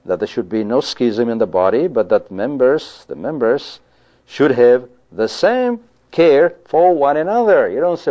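A man's voice: medium pitch, expressive, normal speed. A man preaching a sermon in an emphatic style, who often repeats himself and keeps saying "you see" and "you know.". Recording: dull lo-fi recording.

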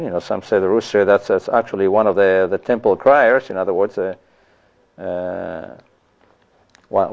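A man's voice: fairly low pitch, a little mellow, muffled recording. A man giving a conversational sermon on scripture, often adding "you see" and "you know". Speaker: preacher.

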